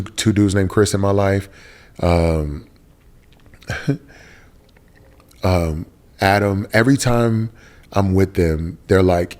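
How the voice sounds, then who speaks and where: Man, very low pitch, candid testimony, sit-down interview, earnest, slangy. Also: a little mellow. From Texas, USA. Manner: earnest, emotional, casual slang like "bro". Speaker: interview guest.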